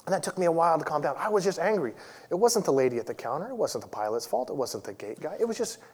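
A man's voice: fairly high pitch, big pitch swings, fast, darkish tone, husky. A man in his forties, a church elder, preaching a sermon in a conversational, self-deprecating storytelling way. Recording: long reverb of a large hall.

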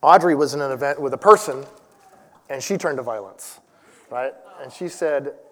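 A man's voice: mid-range voice, moderate pace. A man in his forties, a church elder, preaching a sermon in a conversational, self-deprecating storytelling way. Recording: long reverb of a large hall.

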